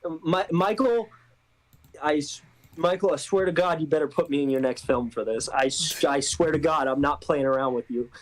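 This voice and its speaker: A man's voice: fairly high pitch, normal speed, low-quality recording. A man being interviewed as an actor, talking casually with a hesitant manner. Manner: hesitant, many restarts and laughs. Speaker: guest actor.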